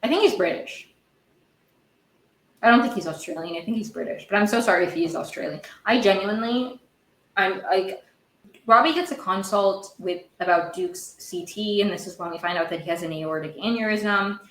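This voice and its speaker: A woman's voice: mid-range voice, fairly bright tone, reverberant, poor audio. A woman hosting a podcast, recapping a TV episode in a casual, rambling way, often correcting herself and getting heated. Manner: rambling, self-correcting, quick to get heated. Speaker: podcast host.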